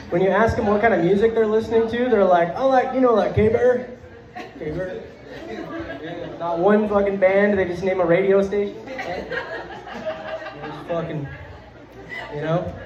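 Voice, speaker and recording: A young man performing a stand-up comedy set on a club stage into a handheld mic, rambling and profane, full of fillers, laughing through his lines. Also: high voice. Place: comedy club stage before a live audience. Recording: roomy, dull club recording.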